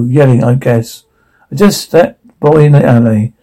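A man reading out a drama's subtitles and sound captions in one flat, even voice. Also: medium pitch, unhurried, rough recording.

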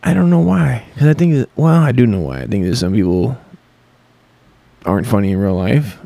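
Man, podcast host, gravelly low voice, swings up and down, profane, rambling. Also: big pitch swings, normal speed, dark tone, no room sound. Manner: swears constantly, rambling and sarcastic. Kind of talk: casual profane monologue.

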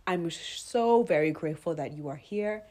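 A woman hosting a faith podcast, talking straight to her listeners, earnest and emotional, close to tears, sometimes rising loud and sometimes dropping to a whisper. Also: on the low side, animated, normal speed, noisy background. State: tearful. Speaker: podcast host.

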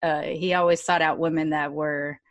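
A woman hosting a casual interview, relaxed and thinking aloud, laughing easily. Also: low voice, moderate pace, no echo, highs cut off.

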